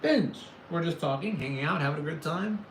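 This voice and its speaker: A man's voice: a little high, expressive, a little fast, a little hiss or hum. A man from California hosting a casual livestream, rambling and joking with his chat. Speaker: livestream host. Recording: echoey room with faint ambience.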